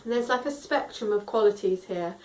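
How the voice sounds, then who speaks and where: A woman's voice: mid-range voice, fairly quick, a little mellow, far from the mic. A woman teaching singing, explaining vocal tone in a friendly, instructive way. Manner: friendly instructive, demonstrates sung tones. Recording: roomy echo, a little off mic.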